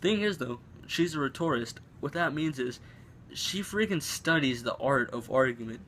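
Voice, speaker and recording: A man's voice: mid-range voice, lively intonation, normal speed, fairly bright tone, a little hiss or hum. Rambling teen guy telling a story. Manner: rambling, filler-heavy, restarts often. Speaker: vlogger. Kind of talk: casual storytelling. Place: room at home.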